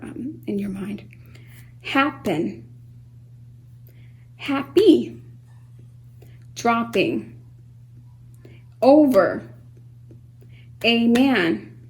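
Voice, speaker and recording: A woman teaching a children's phonics lesson, speaking slowly and patiently, sounding out words syllable by syllable and sometimes dropping to a soft whisper. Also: a little high, gravelly, rough recording. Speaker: homeschool teacher.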